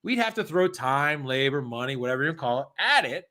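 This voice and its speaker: An American man running a live-streamed exam prep lesson, chatty and energetic, reading out practice questions and answering viewers in the chat. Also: mid-range voice, fairly quick.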